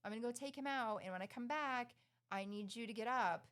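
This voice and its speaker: Bubbly divorced mom chatting casually. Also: female voice, on the high side, brisk. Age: middle-aged. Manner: bubbly, laughs often, animated retellings. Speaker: podcast co-host. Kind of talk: casual chat.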